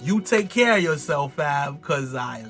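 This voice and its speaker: A man giving an excited, slangy recap of a TV show, laughing and exclaiming often. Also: a little high, measured pace, faint music behind. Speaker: TV recap vlogger.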